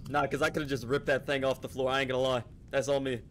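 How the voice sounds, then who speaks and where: A man's voice: medium pitch, flat delivery, fast, a bit bright. A young man streaming a horror game with friends, joking and laughing often, panicking when stuck. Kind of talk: casual gaming chat. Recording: faint background noise.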